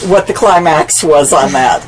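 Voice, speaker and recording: A woman's voice: low voice, a little slow, low-quality recording. A woman interviewer asking curious, prompting questions of her guest. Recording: noticeable background noise.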